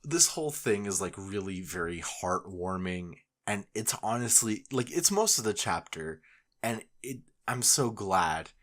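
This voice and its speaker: Chill young dude on a fan podcast, low voice but bouncy, says like a lot. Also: male voice, big pitch swings, unhurried, a bit bright. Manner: laid-back, lots of "like", swears. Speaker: podcast co-host. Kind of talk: casual fan podcast chat.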